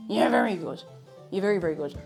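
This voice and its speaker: Woman streamer, chatty and playful at her home kitchen, very animated pitch. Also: fast talker, vocal fry, faint music behind. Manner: playful, rambling, reads out chat messages. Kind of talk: casual live-stream chat while cooking.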